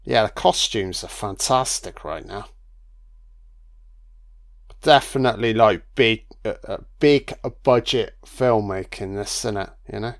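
A man's voice: fairly low pitch, unhurried. A man doing a casual, crude film commentary, swearing freely and mocking the characters.

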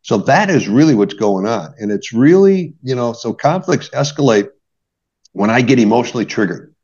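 A man's voice: mid-range voice, expressive, normal speed, darkish tone. A middle-aged man, a marriage therapist, explaining conflict in an earnest conversational way, often adding "right?". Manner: earnest, explains with examples, many "right?" tags. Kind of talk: conversational podcast advice. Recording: dull lo-fi podcast audio.

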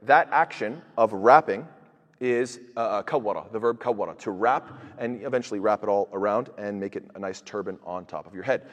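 Fast-talking man giving a Quran lecture. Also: lowish voice, in a large hall. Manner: explanatory, rhetorical questions, frequent fillers. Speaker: Quran teacher. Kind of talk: tafseer lecture.

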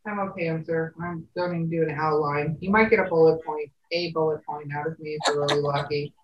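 A woman's voice: low voice, steady tone, a little fast, highs cut off. Chatty woman, distant roomy mic. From California. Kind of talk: casual chat.

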